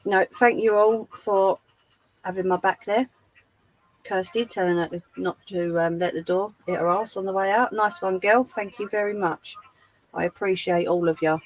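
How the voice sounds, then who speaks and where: A woman hosting a live sewing tutorial, chatting to her viewers as she works, her voice going a little hoarse. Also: medium pitch, steady tone, moderate pace, rough recording. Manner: chatty, talks to live chat while demonstrating. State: losing her voice. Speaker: craft livestream host.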